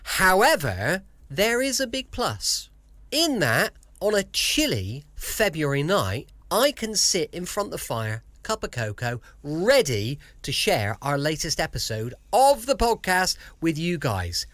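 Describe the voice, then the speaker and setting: A man's voice: fairly high pitch, wildly swooping pitch, unhurried, a bit bright, dry recording. A man hosting a podcast from his home, chatting enthusiastically. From south coast of England. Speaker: podcast host. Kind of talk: casual podcast introduction.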